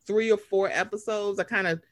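Woman, casual reality-TV chat, animated, profane, dry mic. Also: mid-range voice, fairly quick, no echo. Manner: animated, profane, acts out quotes in raised voice. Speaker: podcast co-host.

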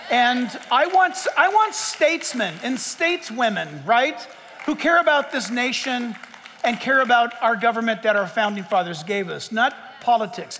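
Pastor guy preaching, really high bright voice, emphatic asides, big echoey hall. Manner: emphatic, quoting scripture with asides and laughs. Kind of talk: sermon.

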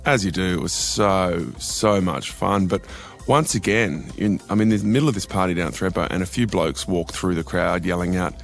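Australian man, young, low voice, chatty podcast news host, faint music. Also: normal speed, creaky. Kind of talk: casual news podcast chat.

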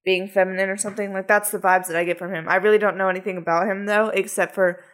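A woman on a casual podcast with a middle-pitched voice, peppering her talk with "like" and reacting in quick disbelief to what the others say. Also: level tone. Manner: incredulous, quick reactions, lots of "like". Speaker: podcast co-host. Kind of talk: casual chat.

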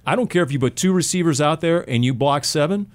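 A man co-hosting a sports podcast, telling animated stories and joking with his co-hosts in casual chat. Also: on the high side, quick pace. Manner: animated storyteller, jokey. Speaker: podcast co-host.

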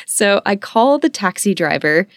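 A woman telling a personal story in a casual, chatty and animated way, laughing often as she talks. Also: mid-range voice, measured pace, dry recording, clean studio sound. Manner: chatty, animated, acts out her own quotes; laughs often while talking.

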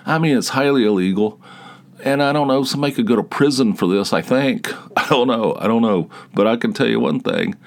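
A man's voice: mid-range voice, a little fast, gravelly. A middle-aged man hosting his own podcast, talking in a digressive, self-deprecating solo ramble that is full of restarts and repeated words. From northeastern Pennsylvania. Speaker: podcast host.

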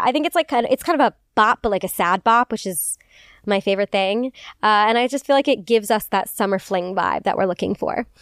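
Woman podcast host, smooth clear voice, fairly high, dry close sound, bubbly chat. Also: no echo. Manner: bubbly, gushing, heavy use of "like".

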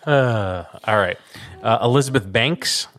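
A man's voice: mid-range voice, a little slow, fairly bright tone. A man co-hosting a radio show, running through a list and laughing easily. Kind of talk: casual banter.

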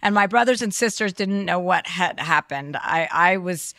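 A woman's voice: fairly low pitch, fairly bright tone, no room sound, studio quality. A woman hosting an advice podcast, talking frankly and profanely in a casual chat. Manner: frank and profane, quick laughs. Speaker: podcast host. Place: Whistler.

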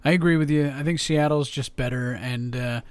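A man's voice: on the high side, brisk, smooth, no echo. A man co-hosting a sports podcast, talking casually, swearing and joking a lot. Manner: profane, joking. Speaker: podcast co-host.

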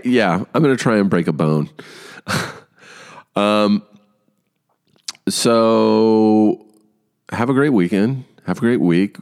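A man hosting a podcast who tells a story on his own in a casual, animated way, swearing often. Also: deep voice, measured pace, pauses often. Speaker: podcast host.

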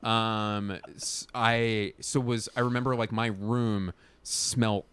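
A man's voice: on the low side, flat delivery, takes it slowly, fairly bright tone, clean tone. A young man co-hosting a casual podcast chat, telling a long, rambling story and laughing through his own words. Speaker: podcast co-host.

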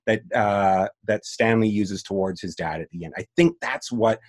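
A man's voice: lowish voice, moderate pace, darkish tone. A man hosting a podcast, talking through a film in a rambling, emotional way with many restarts and some swearing. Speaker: podcast host. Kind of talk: casual film discussion.

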